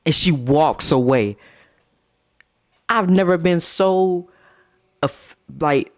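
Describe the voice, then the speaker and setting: A man telling a casual storytime, jumping to high squeals of disbelief and dropping to low mutters, laughing through it. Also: takes it slowly, pauses often. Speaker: storyteller vlogger.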